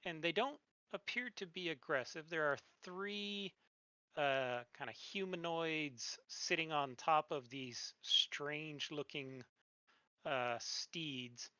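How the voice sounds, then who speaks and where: A game master narrating a tabletop game with unhurried, descriptive scene-setting. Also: mid-range voice, bright, forceful tone, clean tone, no room sound, rough recording.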